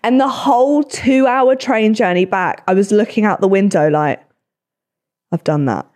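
Animated young woman telling stories. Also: medium pitch, normal speed. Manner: animated, swearing, acts out quotes. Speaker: podcast host. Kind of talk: casual storytelling chat.

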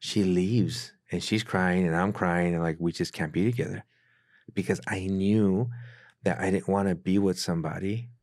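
A pastor as a guest on a podcast, telling his life story in an earnest, casual way, dropping to a hush when he quotes what people said. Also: low voice, fairly even intonation, normal speed, no echo, studio quality. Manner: earnest storyteller who acts out quoted dialogue in a hushed voice. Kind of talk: casual testimony in a podcast interview.

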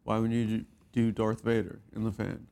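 A man's voice: fairly low pitch, monotone, normal speed, vocal fry, warm tone, a little hiss or hum. A man co-hosting a podcast, teasing and pushing back in casual comedic banter. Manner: teasing, pushy. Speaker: podcast co-host.

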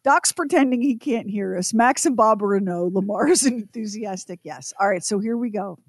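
A woman's voice: medium pitch, a little fast, slightly rough, no room sound, studio quality. A woman co-hosting a casual radio show, teasingly quizzing the men. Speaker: co-host.

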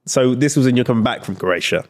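A man's voice: medium pitch, fast. A man co-hosting a casual podcast, quizzing the guest with pointed follow-up questions. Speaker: podcast co-host. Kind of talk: casual chat.

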